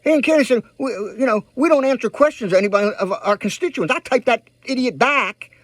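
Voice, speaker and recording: A man's voice: extremely high pitch, fairly quick, dry recording. A man ranting heatedly to his viewers, repeating himself for emphasis and urging them to act. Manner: heated, repetitive, emphatic, addresses viewers directly. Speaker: political vlogger. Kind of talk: ranting direct-to-camera commentary.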